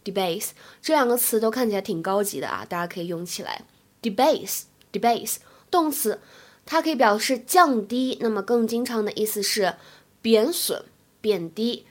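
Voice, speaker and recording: A young woman, an English teacher, explaining phrases patiently and drilling them slowly in a spoken lesson. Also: medium pitch, lively intonation.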